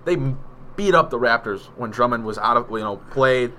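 A man co-hosting a sports podcast, talking in a measured, analytical way. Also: mid-range voice, animated, pushed and bright, a little hiss or hum. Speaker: podcast co-host. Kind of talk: casual sports chat.

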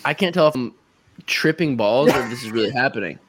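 A man's voice: mid-range voice, fast, slightly rough. Laid-back young man telling a wild story. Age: 20s. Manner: animated storyteller, acts out his own reactions. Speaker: guest musician. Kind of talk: casual chat, storytelling.

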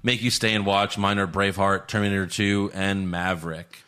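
A man's voice: low-pitched, level tone, normal speed, bright, forceful tone. A man co-hosting a movie podcast, chatting casually, joking and swearing. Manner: joking, profane, reads out show plugs. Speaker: podcast co-host. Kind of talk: casual chat.

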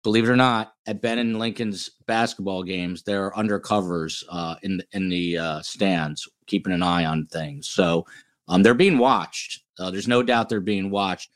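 A New Jersey man with a low voice hosts a true-crime podcast at a moderate pace. He keeps things chatty and casual, reading out viewer comments.

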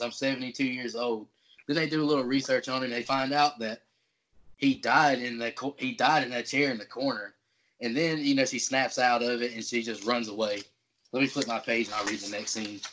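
A man's voice: mid-range voice, fairly bright tone. A man co-hosting a casual podcast, loosely retelling movie scenes with plenty of fillers and restarts. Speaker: podcast co-host. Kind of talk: casual chat recapping film scenes.

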